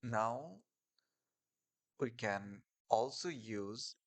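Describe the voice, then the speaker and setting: Slow, gravelly male coding teacher. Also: mid-range voice, animated. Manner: slow, stepwise explaining with fillers and restarts. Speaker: coding tutorial instructor. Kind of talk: screen-share coding lesson.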